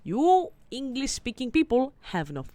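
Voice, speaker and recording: A woman's voice: high-pitched, very animated, a little slow, warm tone, no echo. A young woman with a Greek accent, retelling myths in a rambling, chatty way with many self-corrections and asides. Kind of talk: casual storytelling monologue.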